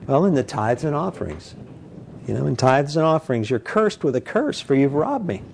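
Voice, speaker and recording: A man preaching a conversational sermon, animated and full of "you know", acting out quoted voices. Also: moderate pace, creaky, slight background noise. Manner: animated, acts out quoted voices with big pitch jumps.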